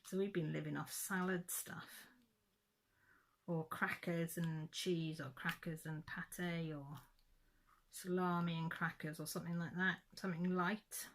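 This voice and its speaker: A middle-aged woman with a fairly low voice, chatting away to her viewers. She tells her story in a loose, rambling way, often restarting and correcting herself mid-sentence. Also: steady tone, measured pace. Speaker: craft vlogger. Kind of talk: casual chat, storytelling.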